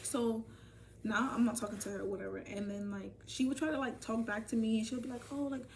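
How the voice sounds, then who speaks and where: A young woman telling a casual storytime vlog, animated and profane, talking straight to her viewers. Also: a little high, fast, gravelly, recorded from a distance. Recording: voice from off the mic, faint ambient noise.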